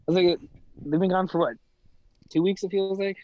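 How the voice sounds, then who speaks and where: A man's voice: high voice, steady tone, fairly quick, warm tone. A man co-hosting a casual podcast, easygoing, laughing often and leaning on fillers. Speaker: podcast co-host. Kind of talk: casual chat. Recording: dull, lo-fi mic.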